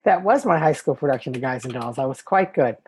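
A man's voice: mid-range voice, lively intonation, fast talker, a little mellow, slightly rough. A middle-aged man, a comedian guest, chatting in a brash, joking way in an interview. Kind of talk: casual interview chat.

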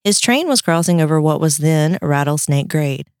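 Low-ish woman from North Carolina, podcast storyteller, dry close sound. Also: lively intonation, normal speed, a little mellow, dry recording. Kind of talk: casual chat, telling a legend.

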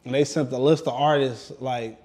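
A man's voice: mid-range voice, normal speed. A man in his thirties, an interview guest, chatting casually and rambling with lots of fillers while getting used to new dental work in his mouth. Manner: relaxed, rambling, heavy use of "like". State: talking around brand-new dental work. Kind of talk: casual chat.

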